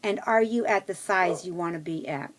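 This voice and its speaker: Talking at a normal speed in a voice on the low side, this middle-aged woman addresses her vlog audience. She's chatty and meandering, often restarting sentences and leaning on fillers.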